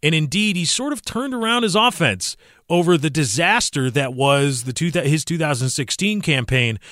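A young adult man hosting a casual sports podcast, animated, sometimes slipping into mock commentator voices. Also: mid-range voice, dry recording, clean studio sound. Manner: animated, mimics commentators in a raised voice. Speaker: podcast host.

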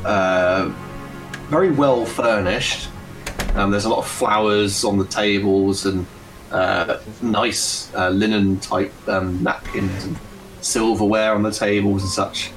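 A game master with a lowish voice talks players through a scene. He rambles, fills pauses with ums and corrects himself as he goes. Faint music plays in the background. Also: steady tone, a bit bright. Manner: rambling, filler-heavy, self-correcting. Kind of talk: narrating a tabletop game.

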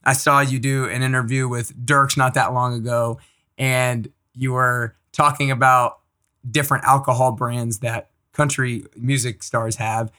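A man's voice: mid-range voice, flat delivery, unhurried, sharp tone. A man hosting a podcast, upbeat and enthusiastic as he introduces and interviews his guest. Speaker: podcast host.

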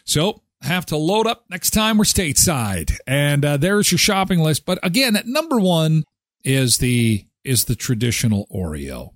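A man's voice: fairly high pitch, measured pace, dry recording, clean studio sound. A middle-aged man from Canada hosting a live show, chatting casually and joking sarcastically as he reads viewer comments. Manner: animated, joking, sarcastic asides.

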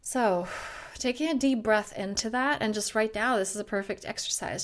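A woman self-growth coach talking earnestly in a flowing podcast monologue, with repetitive phrasing and a gently guided breathing exercise. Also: on the high side, moderate pace.

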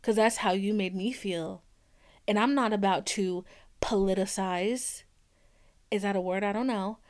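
A woman's voice: medium pitch, a little slow. A young woman hosting a podcast, talking bluntly and with lots of swearing, acting out arguments she has had. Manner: blunt, profane and animated, acting out quoted arguments. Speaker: podcast host. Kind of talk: candid podcast talk.

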